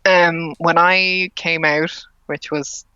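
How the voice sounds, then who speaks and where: Irish woman, late thirties, bright voice, dull lo-fi sound, casual self-deprecating chat. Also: fairly low pitch, steady tone, slow, clean tone, dry recording. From Ireland. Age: late 30s. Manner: chatty, self-deprecating, frequent ums. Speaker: guest, drag king performer.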